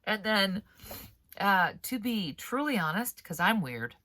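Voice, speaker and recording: A woman's voice: medium pitch, very animated, slow, sharp tone, dry recording. A woman author hosting a casual writing-advice vlog, talking in a rambling, chatty way with frequent laughs and a stuffy nose from allergies. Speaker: author and writing coach host.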